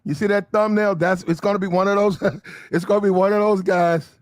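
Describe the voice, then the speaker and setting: A man delivering animated commentary as a vivid story full of street slang. His voice sits high for a man and sounds dry and close. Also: a little fast, no echo.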